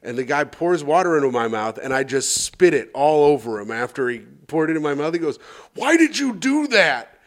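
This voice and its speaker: A man with a mid-range voice co-hosts a comedy podcast, spinning a long, rambling, crude anecdote and acting out the voices of its characters. He talks briskly, barely pausing.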